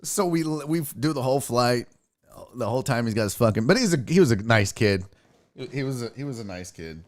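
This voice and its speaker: A man's voice: medium pitch, a little fast. A young man hosting a podcast, telling a story casually, swearing and laughing often. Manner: profane, animated, laughs often. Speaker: podcast host.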